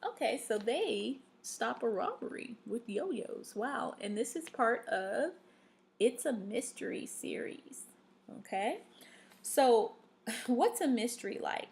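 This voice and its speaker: A woman's voice: on the high side, animated, takes it slowly, vocal fry, a little mellow. A woman teaching a reading lesson to young students, giving patient instructions full of fillers and "okay?" checks.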